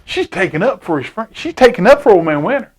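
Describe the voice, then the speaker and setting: High-voiced man reading to kids. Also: very animated, fast talker. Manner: chatty, loose, lots of fillers. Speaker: storytime reader. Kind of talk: children's storytime reading.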